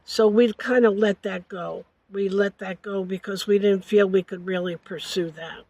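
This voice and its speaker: An older woman recounting a family story in an interview, halting and correcting herself as she goes. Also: mid-range voice, fairly even intonation, a little mellow, rough recording. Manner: halting, with frequent hesitations and self-corrections.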